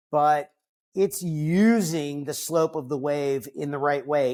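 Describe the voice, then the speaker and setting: A man's voice: a little high, a little mellow. A man in his fifties, a podcast guest, talking reflectively in a casual interview, with frequent fillers and restarts. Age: 50s.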